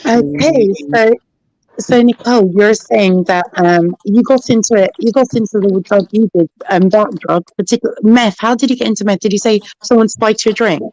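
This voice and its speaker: A woman's voice: mid-range voice, moderate pace, darkish tone, low-quality recording. A woman panelist on a video call, asking a guest questions in casual chat. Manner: inquisitive, questioning.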